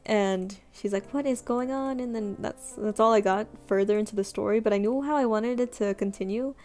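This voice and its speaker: A woman's voice: mid-range voice, fairly even intonation, brisk. A young woman streamer chatting casually while she draws, rambling and self-deprecating with many fillers. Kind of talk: casual chat while drawing. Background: soft background music.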